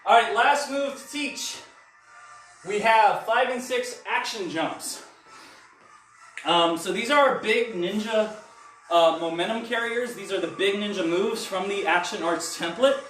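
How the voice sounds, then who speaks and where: High-voiced man coaching sword moves in an echoey room. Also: measured pace, a bit bright. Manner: upbeat coaching, counting reps while demonstrating. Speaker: stage combat instructor. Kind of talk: live online movement class. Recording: roomy echo, mic at a distance, faint music.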